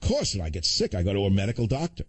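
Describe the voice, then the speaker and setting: An older man hosting a talk radio show, ranting fast with sarcastic asides. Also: fairly low pitch, huge pitch swings, dry recording.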